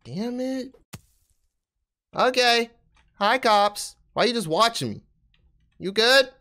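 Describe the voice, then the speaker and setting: Excitable young man, lively gameplay talk. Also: very high-pitched, slow. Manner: excitable, trash-talking, swings from mumbling to shouting. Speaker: gaming YouTuber. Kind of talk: gameplay commentary.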